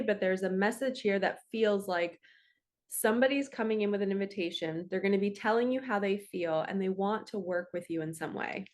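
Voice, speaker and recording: Casual woman, 30s, spiritual reader. Chatty, flowing, conversational. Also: medium pitch. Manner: chatty, flowing, heavy on "like" and "right". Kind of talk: casual card reading talk.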